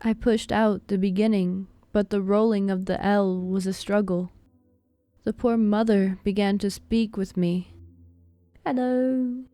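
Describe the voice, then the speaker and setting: A woman narrates a spooky story in a slow, deliberate reading with little rise and fall in her voice. Her tone is dark and mellow and stays steady from line to line. Soft music plays faintly underneath. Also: medium pitch, smooth, no room sound. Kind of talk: scripted narration. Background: faint background music.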